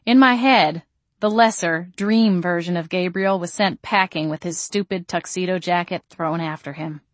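A woman reading a first-person novel aloud in a calm, measured audiobook narration. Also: fairly low pitch, dry recording.

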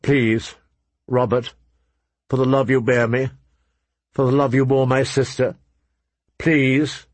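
A male narrator plays a grave, honorable lord, earnest and firm. His husky voice moves slowly, and the close recording is dry. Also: medium pitch, level tone, no room sound. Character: grave, honorable man, a father.

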